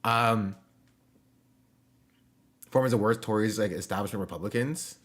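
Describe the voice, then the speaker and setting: A young man talks to his stream chat from home in a low, easy voice. He jokes around, tosses in slang, and drifts between topics with plenty of fillers. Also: normal speed. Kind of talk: casual live-stream chat.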